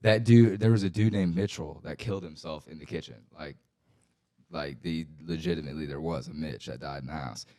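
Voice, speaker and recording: A young man co-hosting a podcast, telling rambling, profane ghost stories full of fillers, getting loud and excited at the scary parts. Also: rumbling low, a little fast. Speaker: podcast co-host. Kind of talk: casual storytelling chat.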